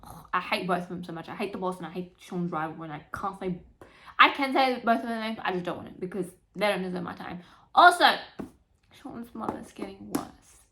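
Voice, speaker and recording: A young woman chatting casually in a book vlog, animated and emotional, swearing freely as she gushes about characters. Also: lowish voice, fast talker. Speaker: book vlogger. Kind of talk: casual chat.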